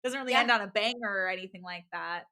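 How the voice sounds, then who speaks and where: A woman's voice: medium pitch, fast talker, pushed and bright. A young woman co-hosting a podcast, recapping a book in a bubbly, chatty way with lots of fillers. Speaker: podcast co-host. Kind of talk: casual book-recap chat.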